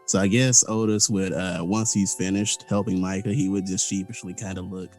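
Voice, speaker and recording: Mid-pitched man narrating his character. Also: steady tone, normal speed, darkish tone, faint music behind. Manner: casual, laughs often. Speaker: player. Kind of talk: describing his character's actions.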